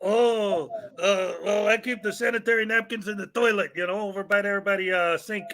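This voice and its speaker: A man's voice: high-pitched, fairly even intonation, normal speed, bright, forceful tone. A man from Chicago with a Chicago accent, hosting a casual live-stream chat in a chatty, jokey way. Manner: chatty, jokey, laughs often. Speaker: show host.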